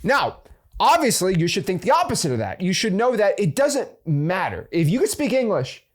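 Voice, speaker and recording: A man hosting a real estate investing channel, giving casual motivational advice. He plays devil's advocate and talks in quick restarts and fillers. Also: high voice, huge pitch swings.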